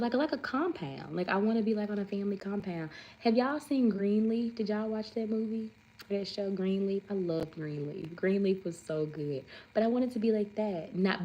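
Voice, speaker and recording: Woman in her 30s rambling on a live stream, mellow warm voice, lots of "like". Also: fairly low pitch, highs cut off. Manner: chatty, rambling, says "like" often; reads viewer comments aloud. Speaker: livestream host. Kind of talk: casual livestream chat.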